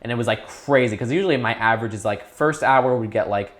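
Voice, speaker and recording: A young man in his teens talking casually as an interview guest, rambling with restarts and perking up when excited. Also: mid-range voice, fast. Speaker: YouTube creator, guest.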